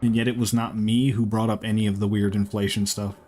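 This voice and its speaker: A man's voice: fairly low pitch, flat delivery, a little fast, a little mellow, slight background noise. A man streaming a game, chatting casually and profanely with his viewers in a rambling, joking way. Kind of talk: casual chat with live chat while playing.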